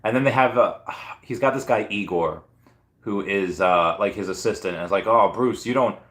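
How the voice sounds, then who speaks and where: Hoarse lower-voiced guy on a casual live stream, rambly, lots of ums, echoey room. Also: normal speed, fairly bright tone. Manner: rambling, filler-heavy storytelling. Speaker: comic and collectibles YouTuber.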